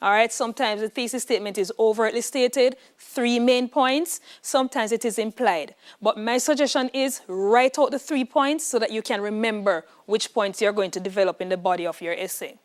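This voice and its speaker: A woman's voice: on the high side, moderate pace, hardly any pauses. A woman with a Jamaican accent teaching an exam prep lesson in an emphatic, instructive way, checking in with "all right". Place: classroom.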